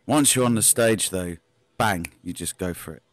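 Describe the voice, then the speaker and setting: A man's voice: low-pitched, normal speed, no echo. A man chatting casually in an online meeting, with an upbeat manner. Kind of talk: casual chat.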